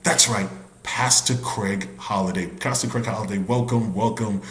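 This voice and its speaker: A man hosting a church men's ministry live stream, animated and chatty, with many restarts and shout-outs. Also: fairly low pitch, normal speed, roomy sound, a little hiss or hum. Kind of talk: upbeat casual hosting.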